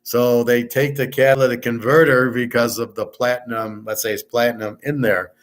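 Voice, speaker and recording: A man hosting a casual livestream, talking loud and clear on purpose, blunt and opinionated, rambling from one point to the next. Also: mid-range voice, little pitch movement, moderate pace. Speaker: sports handicapping show host. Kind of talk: casual livestream chat with viewers.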